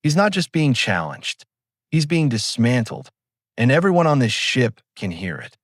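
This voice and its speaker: Male narrator, calm, cinematic, animated intonation, dry studio sound. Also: medium pitch, normal speed, no echo. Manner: calm, dramatic.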